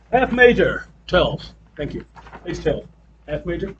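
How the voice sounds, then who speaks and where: High-voiced man teaching piano class. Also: very animated, unhurried, lo-fi sound, background noise. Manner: chants rhythms aloud, loose restarting speech. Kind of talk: classroom piano lesson, counting and vocalizing beats.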